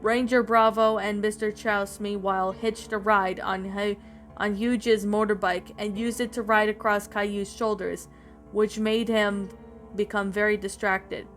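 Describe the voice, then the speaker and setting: A woman's voice: medium pitch, little pitch movement, a little slow. A woman narrating a creepypasta-style story, reading aloud with frequent stumbles and restarts. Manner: reads with frequent slips and restarts. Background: faint background music.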